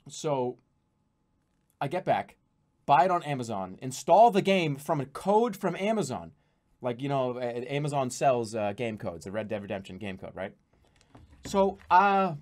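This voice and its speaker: Exasperated swearing male streamer. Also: fairly high pitch. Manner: exasperated, swearing, animated storytelling. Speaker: game streamer. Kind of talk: ranting live stream chat.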